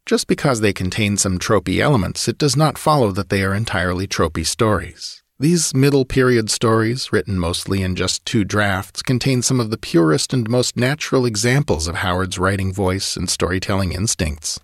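A man with a fairly low voice narrates an audiobook from a script in a measured, steady storytelling manner. The sound is clean studio audio with no room sound.

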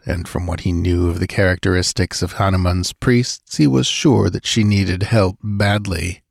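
A man narrating an adventure audiobook with measured, dramatic pacing. His voice is low and steady. The sound is dry and close, with no room echo. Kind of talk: scripted narration.

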